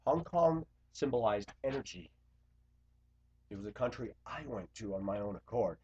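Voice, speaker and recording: A man's voice: fairly low pitch, animated, moderate pace, slightly rough. Blunt, confrontational man on a dull recording. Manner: blunt, confrontational, swings between loud outbursts and quiet asides. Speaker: Christian video blogger. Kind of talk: impassioned confessional monologue.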